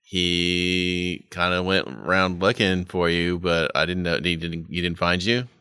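A man runs a tabletop game as game master, talking casually and swearing freely. His voice is gravelly yet bright and smooth. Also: low voice, monotone, measured pace, no echo, clean studio sound.

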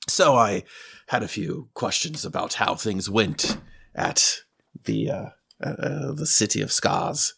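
A man voicing a calm, apologetic old male sage in a tabletop game, speaking haltingly with many hesitations. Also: lowish voice, creaky, breathy edge, pitched below the performer's own voice, full character voice. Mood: measured.

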